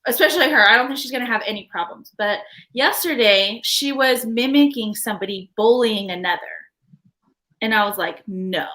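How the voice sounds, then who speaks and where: A young adult woman hosting a podcast live stream, telling stories in a chatty, animated way. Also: on the high side, a little fast. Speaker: podcast host. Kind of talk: casual live-stream chat.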